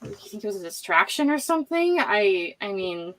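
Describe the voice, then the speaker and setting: A woman player in a tabletop game speaking in a halting, wry way. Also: mid-range voice, very animated, fairly bright tone, poor audio.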